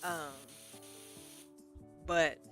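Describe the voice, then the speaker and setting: A woman's voice: low voice, steady tone, very slow, fairly bright tone, soft background music. A young woman chatting casually while playing a game, rambling and self-deprecating with many restarts. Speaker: gaming streamer.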